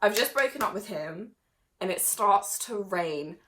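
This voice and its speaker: Bright-voiced chatty young woman. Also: mid-range voice, unhurried, slight background noise. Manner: chatty and animated, with laughs and sudden bursts of loudness. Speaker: vlogger. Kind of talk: casual storytime to camera.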